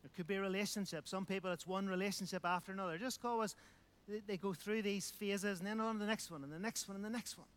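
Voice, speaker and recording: A man's voice: sits high, quick pace, smooth. A man preaching a sermon, emphatic, repeating phrases and asking rhetorical questions.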